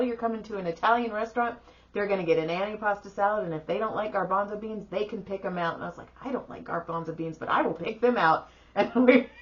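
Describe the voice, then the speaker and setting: A woman's voice: medium pitch, lo-fi sound. A middle-aged woman co-hosting a podcast, chatting casually and acting out the people in her stories, swearing freely. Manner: animated storyteller, acts out quoted voices, swears freely. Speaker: podcast co-host. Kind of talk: casual chat.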